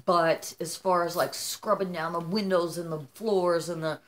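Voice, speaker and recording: A talkative grandmother in her fifties with a somewhat low voice chats casually to camera from her home. She is animated and personal, often turning to her viewers with "you guys" and "okay?". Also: moderate pace, a little hiss or hum. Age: 50s. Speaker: vlogger.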